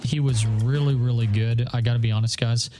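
A man's voice: mid-range voice, steady tone, a little fast, over music. A man from Northern Ireland co-hosting a podcast, chatting eagerly and rambling with lots of fillers. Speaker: podcast co-host. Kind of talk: casual chat.

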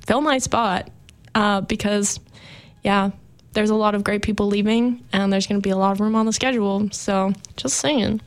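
A woman's voice: mid-range voice, steady tone, normal speed. A young woman hosting her college radio show, chatting in a rambling, heartfelt, filler-heavy way into a studio microphone. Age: young adult. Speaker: campus radio host. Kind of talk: sentimental farewell radio chat.

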